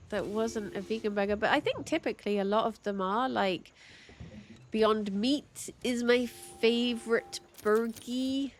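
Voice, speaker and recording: A woman's voice: a little high, slight background noise. A young woman chatting casually while streaming a game, full of "like"s and frequent laughs. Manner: chatty, many "like"s, laughs often.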